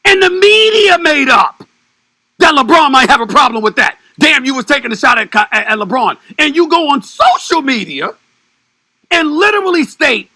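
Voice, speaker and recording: A man delivering an impassioned, sarcastic sports commentary rant, swinging between shouted outbursts and hushed mockery. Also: very high-pitched, sing-song, normal speed, no echo, studio quality. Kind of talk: televised sports debate rant.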